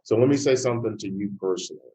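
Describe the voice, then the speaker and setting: An older man giving an interview answer in a measured, emphatic way, telling anecdotes. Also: lowish voice, warm tone, low-quality recording. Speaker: interview guest, filmmaker.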